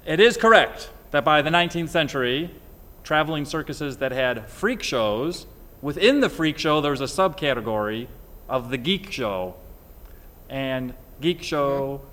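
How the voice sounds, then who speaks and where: A man hosting a casual group chat, explaining word origins from his notes in a measured, lecturing way. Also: on the high side, expressive, pushed and bright, in a large hall. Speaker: podcast host.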